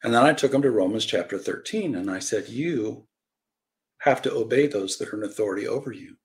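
A man preaching a Bible-study sermon in animated storytelling style, acting out quoted voices and swinging from loud cries to quiet asides. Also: fairly low pitch, fairly quick. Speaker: pastor teaching a Bible lesson.

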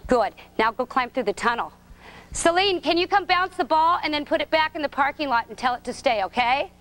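A woman's voice: sits high, animated, a little fast, a bit bright, a little hiss or hum. A woman coaching a preschool gymnastics class, giving short, sing-song, encouraging directions to small children in a gym. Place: indoor gym.

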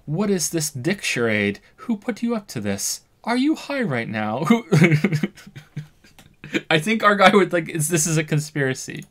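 A man's voice: a little high, very animated, slow. A man in the middle of a let's-play stream, alternating between reading on-screen dialogue and musing aloud. His commentary is dry and casual, full of self-corrections and half-finished thoughts. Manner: wry, thinks aloud with frequent restarts. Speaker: streamer playing a game.

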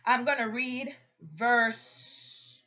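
A woman's voice: on the high side, lively intonation, extremely slow, bright, forceful tone, dull audio. A woman preaching a passionate sermon, exhorting her listeners with rising emphatic peaks.

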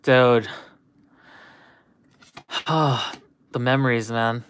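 A man's voice: medium pitch, fairly even intonation, very slow, fairly bright tone, smooth. A man hosting a livestream, chatting casually and nostalgically with viewers, rambling and saying "dude" a lot. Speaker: livestream host. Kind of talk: casual chat with live viewers.

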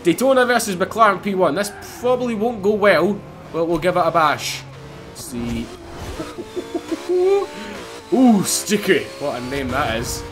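A young man giving excitable, casual commentary over his racing game, swearing and laughing as he drives. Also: high voice, normal speed, background noise. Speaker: gaming YouTuber. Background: game music and car engines.

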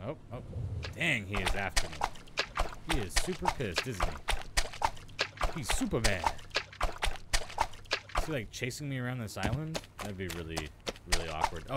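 An excitable man narrates his own gameplay in a chatty, running monologue, his pitch leaping up and down as he reacts. Loud steady noise and clicking sit behind his voice. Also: moderate pace, long pauses. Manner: chatty, excitable, talks to himself. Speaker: gaming video host. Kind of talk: let's play commentary.

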